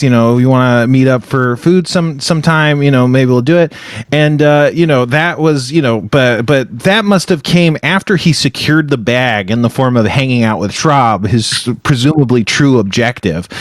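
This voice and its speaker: A man's voice: medium pitch, no echo, clean studio sound. A man co-hosting a podcast over a video call, rambling and self-deprecating in casual chat. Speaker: podcast co-host.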